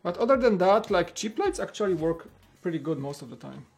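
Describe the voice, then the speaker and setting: A man's voice: high voice, big pitch swings, brisk, gravelly, darkish tone, breathy edge, soft background music. A man hosting a casual livestream, rambling along and filling his talk with "like" and restarts. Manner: rambling, heavy use of "like" and restarts. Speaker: livestream host. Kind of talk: casual chat.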